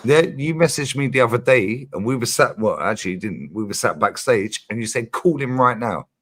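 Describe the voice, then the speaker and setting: Brief: male streamer, mid-pitched, lively and insistent, hammers his points home with swearing. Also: a little fast. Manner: animated, emphatic, swears freely, repeats his points. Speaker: streamer host. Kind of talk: casual livestream chat.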